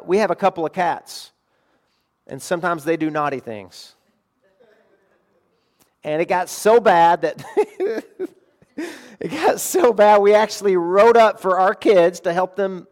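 A middle-aged man preaching a sermon, earnest, moving between quiet confiding passages and emphatic declarations. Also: high voice, expressive, measured pace, pauses often. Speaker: pastor.

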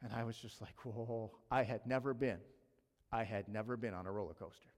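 A man preaching a sermon, telling a personal story with animated delivery and acting out his own panic. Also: fairly low pitch, brisk. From Canada. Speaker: pastor. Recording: long hall reverb.

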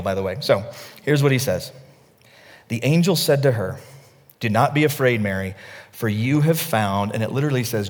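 A middle-aged male pastor preaching a sermon, telling stories with energy, dropping to a hush and then rising to near shouts. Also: mid-range voice, long reverb tail. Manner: storytelling, animated, swings from hushed to near-shouting.

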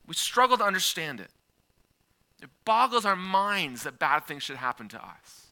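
A preacher in his thirties gives a lively, conversational sermon at a moderate pace, weaving in personal stories. His voice sits a bit high with a very bright, sharp edge. He's animated and uses frequent filler and restarts.

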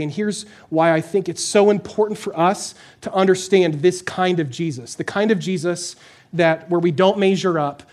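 A pastor preaching a conversational, emphatic sermon in a church, putting questions to the congregation. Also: male voice, on the high side, a little mellow.

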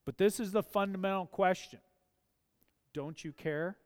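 A pastor delivering a sermon in a high, clear voice that takes its time. He is earnest and leans into emphatic questions. A long reverb from the hall trails each phrase. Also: unhurried.

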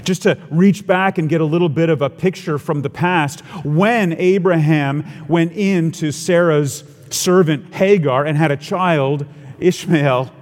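A man's voice: on the high side, a little mellow, long reverb tail. A man preaching a sermon in an earnest, expository way, asking the congregation rhetorical questions.

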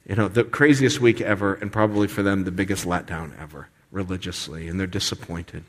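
A man in his forties delivers a sermon in a loose, conversational way, slipping into other voices as he tells stories. His voice sits a little low. The sound carries a long reverb from a church hall. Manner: conversational, animated, acts out voices. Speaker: pastor.

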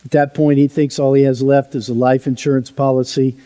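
A male pastor preaching a sermon in a church, telling a story in a conversational way that drops softly at times. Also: medium pitch, flat delivery, brisk. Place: church sanctuary. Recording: long hall reverb.

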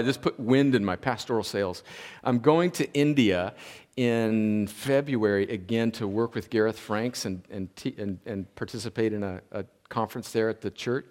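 A man, preaching a sermon as a pastor. He builds to emphatic peaks and then drops into quieter, conversational asides. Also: mid-range voice. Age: 40s. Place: church sanctuary.

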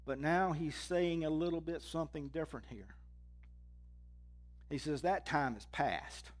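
A man preaching a sermon, reading scripture with rising intensity and dropping low and quiet to drive points home. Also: unhurried.

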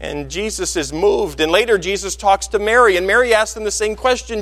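A man's voice: high voice, expressive, brisk, hardly any pauses, fairly bright tone, big-room sound. A man preaching a sermon as pastor, telling the story with animation and acting out the quoted voices. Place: church sanctuary.

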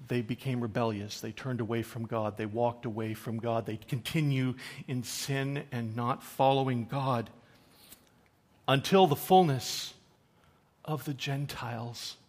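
A man preaching a sermon, swinging from loud, emphatic scripture reading to quiet, conversational asides to the congregation. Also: medium pitch, fairly even intonation, measured pace. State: choked up with emotion.

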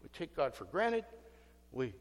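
A man preaching a sermon as pastor, animated and emphatic with self-deprecating asides. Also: a little high, a little slow. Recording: long hall reverb.

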